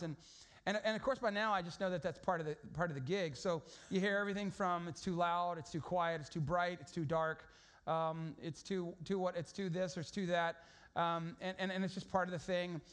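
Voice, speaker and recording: High-voiced pastor, casual sermon. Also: male voice, fairly even intonation, fairly quick, a bit bright. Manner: conversational, storytelling, many restarts.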